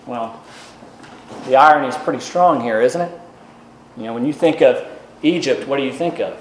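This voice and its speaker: A man's voice: medium pitch, normal speed, long pauses. Preacher man in a roomy echo. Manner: explanatory, conversational, asks rhetorical questions. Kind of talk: expository sermon.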